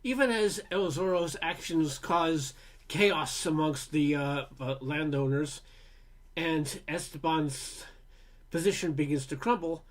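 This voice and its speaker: A man from Canada narrating a film review in a relaxed, wry, casual way, with fillers. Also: on the high side, slow pace. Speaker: film critic.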